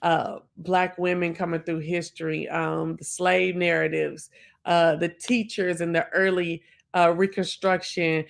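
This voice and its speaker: This woman in her forties speaks in a lowish, creaky voice with a flat delivery. Hosting a casual live stream, she reflects chattily on the poem, using many fillers and tossing in quick asides.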